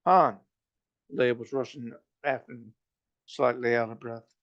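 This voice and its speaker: A man reading a novel aloud, halting and restarting as he goes. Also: mid-range voice, little pitch movement, creaky, no echo, muffled recording. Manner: halting, with frequent restarts and slips. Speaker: reader.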